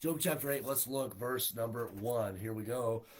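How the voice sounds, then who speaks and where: A man's voice: mid-range voice, moderate pace, background noise. A man leading a livestreamed Bible study as pastor, in a folksy way, with many fillers, putting scripture into plain, everyday speech. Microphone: livestream setup.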